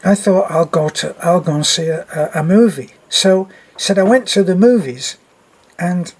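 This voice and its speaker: A man's voice: sits high, normal speed, husky. An older man vlogging about expat life, casually retelling a friend's embarrassing story with lots of quoted speech and wry humor.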